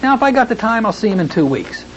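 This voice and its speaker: A man teaching hypnotherapy in a recorded training lecture, talking in a folksy way and slowing into a soothing tone when he demonstrates suggestions. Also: high-pitched, big pitch swings. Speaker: hypnotherapy instructor. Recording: dull lo-fi tape with faint hiss.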